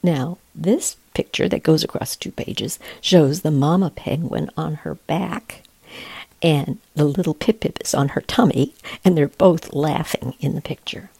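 A middle-aged woman reading picture books aloud, gently describing the pictures in a soothing, often hushed voice. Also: low voice, a little slow, creaky, husky, dry recording. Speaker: reader of children's books.

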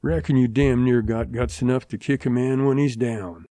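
A man voicing a battered young male gunman in his twenties, held captive, hoarse and desperate, cursing his captors in a western audiobook. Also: medium pitch, fairly even intonation, normal speed, dark tone, dry recording, close to an everyday voice. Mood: defiant. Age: 20s. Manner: desperate, defiant, spitting curses.

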